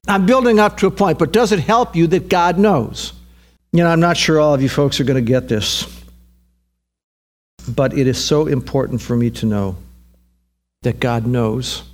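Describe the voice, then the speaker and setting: A man preaching a sermon in an earnest way, repeating words and rising in pitch when stirred. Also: darkish tone. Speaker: pastor.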